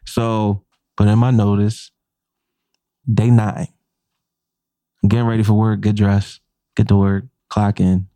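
A man's voice: on the low side, a little slow, pauses often, clean tone, no room sound. A man, a chef and podcast co-host, telling a profane workplace story in casual talk and acting out the quotes. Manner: animated, profane, acts out quotes.

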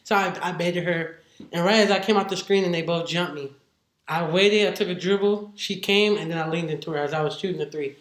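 Guest spot: woman head coach, lively storyteller, acts out the voices of others, roomy echo around her. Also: fairly low pitch, brisk. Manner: animated, acts out what others said. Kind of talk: casual interview storytelling.

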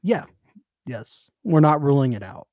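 A podcast co-host chatting casually about a reality show, relaxed and playful, with dry asides. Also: mid-range voice, measured pace, no room sound.

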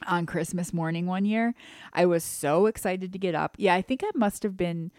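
A woman in her thirties from Michigan co-hosting a podcast, chatting casually and acting out quoted voices with big leaps in pitch. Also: moderate pace, dry recording, clean studio sound. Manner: animated storyteller, acts out quotes with big pitch jumps. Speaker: podcast co-host. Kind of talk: casual chat.

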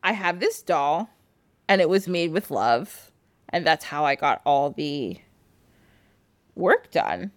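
A weary young heroine from a folk tale, as a woman storyteller puts her on. She sounds exasperated and put-upon, and her voice often lifts higher than the teller's own. The delivery is dry and close. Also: sing-song, takes it slowly, pauses often, no room sound, full character voice. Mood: sheepish.

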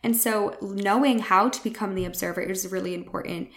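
A woman's voice: mid-range voice, steady tone, fairly quick. A young adult woman hosting a spiritual wellness podcast, talking in an earnest, reassuring, conversational way. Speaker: podcast host.

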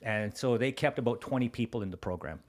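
A man's voice: medium pitch, fast. A man in his forties or fifties from Canada, telling his story as a podcast guest in a casual, profane way and acting out other people. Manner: swears freely, acts out quoted people, laughs often. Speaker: guest, contractor.

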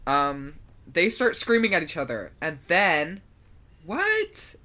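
A woman's voice: deep voice, expressive, unhurried, pushed and bright. A woman co-hosting a book podcast, recapping the chapter in a dry, wry casual way. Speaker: podcast co-host.

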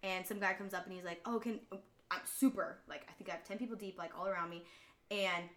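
A young woman bartender guesting on a podcast, telling animated stories in casual chat and laughing often. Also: on the low side, fairly quick.

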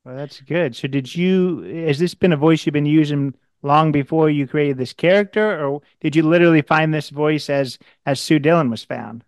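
Smooth-voiced earnest male host. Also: fairly high pitch, normal speed, few pauses, no room sound, clean studio sound. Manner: earnest, repeats words when starting. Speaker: podcast host. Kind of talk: interview questions, casual.

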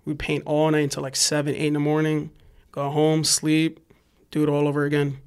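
A man telling a street story in casual chat, profane and animated, full of "like" and acting out other people's shouts. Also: fairly high pitch, a little fast, smooth. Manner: animated, profane, lots of "like", acts out yelling voices. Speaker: graffiti writer guest.

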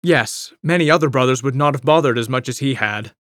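A man's voice: mid-range voice, fairly quick, fairly bright tone, dry recording. A man reading a novel chapter aloud as scripted narration, in a dry storytelling manner. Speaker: audiobook narrator.

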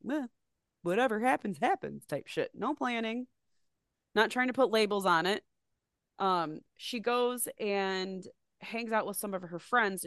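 A woman's voice: mid-range voice, dry recording. Rambling, profane woman storyteller, dry sound. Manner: rambling, profane, animated retelling with restarts. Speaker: podcast co-host. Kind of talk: casual storytelling chat.

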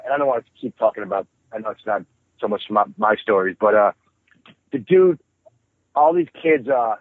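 Man with a husky voice on a tinny phone line. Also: mid-range voice, no room sound. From New York. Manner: profane, rambling, animated storyteller. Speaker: guest musician. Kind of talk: casual storytelling interview.

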